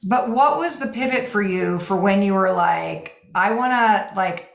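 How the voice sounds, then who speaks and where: Woman interviewer, mid-pitched voice, probing questions, echoey room. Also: unhurried, vocal fry. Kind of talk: conversational interview. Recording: roomy echo.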